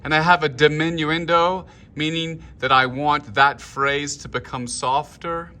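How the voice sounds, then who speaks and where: A man leading a choir rehearsal talk-through, explaining markings and singing short phrases in falsetto to show them. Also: fairly even intonation, unhurried, sharp tone. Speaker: choir director. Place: room, filming himself. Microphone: handheld camera.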